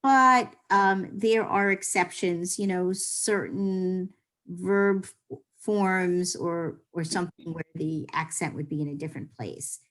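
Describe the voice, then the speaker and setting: A woman's voice: fairly low pitch, slow, a bit bright. Woman, teacher, patient, explanatory, online class, video call. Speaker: Hebrew teacher.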